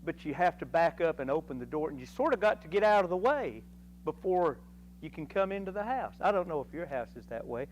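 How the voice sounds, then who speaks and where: A man teaching a Sunday school Bible lesson in a folksy, animated way, acting out voices from the story. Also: on the high side, fairly quick, slight background noise, poor audio. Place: church classroom.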